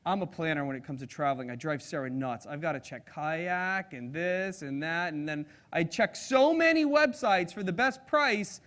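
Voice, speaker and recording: A man giving a live sales seminar to an audience, energetic and engaging, acting out personality types as he talks. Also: a little high, normal speed, few pauses. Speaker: sales trainer.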